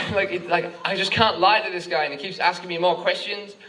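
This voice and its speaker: A man's voice: sits high, fairly even intonation, fairly quick, sharp tone. A young Australian man doing a rambling stand-up comedy set, full of filler words, with bursts of frantic ranting. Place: comedy club stage with laughing audience. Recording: noisy live club recording from a distance.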